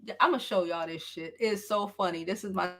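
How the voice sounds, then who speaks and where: A woman's voice: mid-range voice, fairly quick, fairly bright tone. A middle-aged woman chatting casually on a gossip livestream, loose and profane, often laughing. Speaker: celebrity gossip vlogger.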